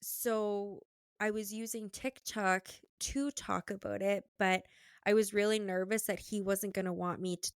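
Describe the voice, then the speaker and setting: A woman's voice: medium pitch, steady tone, measured pace, smooth, no room sound, studio quality. Candid, chatty young woman host. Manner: candid and chatty, frequent "like" fillers, laughs easily. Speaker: podcast host. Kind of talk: casual conversational interview.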